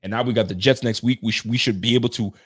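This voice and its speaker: A man doing casual reaction commentary as a sports fan, excitable and ranting, laughing often. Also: mid-range voice, racing, slightly rough.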